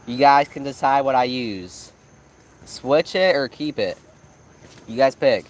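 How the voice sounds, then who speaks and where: A man talks casually on a live fishing stream, recorded outdoors at a pond at night in the rain. He rambles through fishing stories and asks viewers to pick what to do next. His voice sits at an ordinary middle pitch. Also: measured pace, poor audio. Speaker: fishing channel co-host.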